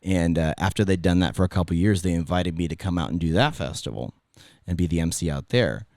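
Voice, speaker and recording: A middle-aged former radio host with a Californian accent tells stories in a casual podcast chat, rambling, interrupting himself, and restarting sentences. His voice is deep with a darkish tone, and he talks briskly. The studio-quality recording has no room sound.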